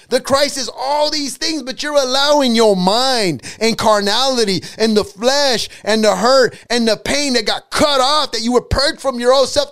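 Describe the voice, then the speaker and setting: A man's voice: very high voice, a bit bright. A man preaching a sermon on divine healing, repeating lines for emphasis, asking rhetorical questions and slipping into casual, colloquial grammar. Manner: colloquial, drops into dialect grammar.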